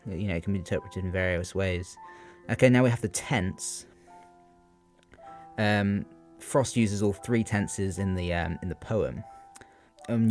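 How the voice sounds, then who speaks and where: Young man, lowish voice, unscripted revision talk, halting and questioning, faint music behind. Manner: hesitant, many ums and rhetorical questions. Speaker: student giving exam revision.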